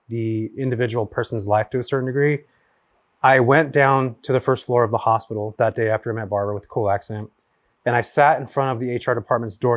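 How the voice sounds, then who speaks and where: A man in his forties from California tells stories in a relaxed, chatty way, piling up fillers as he goes. He talks very fast at a mid pitch. The sound is dry and close. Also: dry recording. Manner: rapid, animated storyteller with many fillers. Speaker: guest, real estate investor. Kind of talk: casual storytelling chat. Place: his home.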